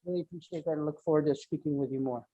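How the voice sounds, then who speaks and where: Woman moderator, low warm voice, procedural announcements. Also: very fast, dull audio. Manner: polite, procedural. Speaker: event moderator. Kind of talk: hosting announcements.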